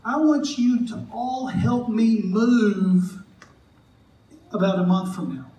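High-voiced pastor preaching in an echoey church. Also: male voice, slow pace, mellow, distant mic, slight background noise. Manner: conversational, joking, acts out quoted voices. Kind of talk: sermon. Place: church sanctuary. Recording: echoey church hall, mic from afar.

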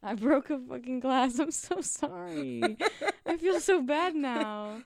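A woman from the Midwest co-hosting a podcast, bantering loudly with laughter and swearing. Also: high-pitched, animated, takes it slowly, gravelly, dry recording, clean studio sound. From American Midwest. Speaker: podcast co-host. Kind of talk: casual chat.

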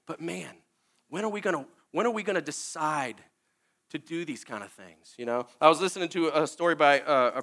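A man's voice: mid-range voice, sharp tone. A man preaching a sermon, earnest and candid, at times tearful, often restarting his sentences.

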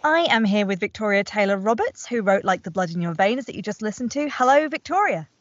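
A woman hosts a podcast and interviews a guest with friendly, direct questions. Her voice is pitched in a mid range. The sound is dry and a little dull. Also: expressive, brisk, no echo. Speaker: podcast host.

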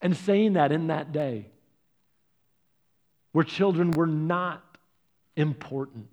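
A man preaching a sermon, telling stories earnestly, swinging from loud stresses to soft, hushed lines. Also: on the high side, slow. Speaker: pastor.

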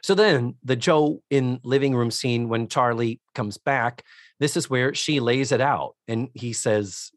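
A man's voice: medium pitch, unhurried, no echo, clean studio sound. A man co-hosting a podcast, chatting casually as he recaps a sitcom episode and acts out the characters' lines. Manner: animated, acts out characters' lines in put-on voices. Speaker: podcast co-host.

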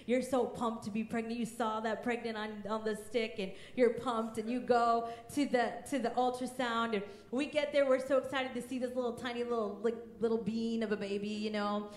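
A woman's voice: fairly high pitch, fairly even intonation, moderate pace, hardly any pauses, echoey room. A woman in her thirties preaching a sermon as pastor, emphatic and fervent, often raising her voice.

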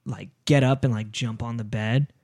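A man's voice: mid-range voice, steady tone, normal speed, a little mellow, dry recording, clean studio sound. A man hosting a podcast, telling a story in a rambling, casual way with frequent swearing. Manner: rambling, restarts, swears often. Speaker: podcast host.

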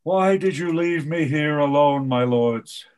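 A man reads a sick old king who is angry at his son. The voice sits fairly high for a man and moves slowly through the verse, every line weighed out. He reproaches his son with bitterness rather than shouting, reading as part of a play-reading cast. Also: clean tone, natural voice. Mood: commanding. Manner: measured, declamatory verse reading.

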